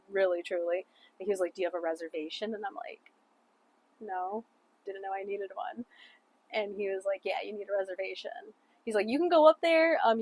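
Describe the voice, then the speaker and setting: A young woman chatting casually through a travel story, saying "like" a lot, laughing often and swearing offhandedly. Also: mid-range voice. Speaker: travel vlogger.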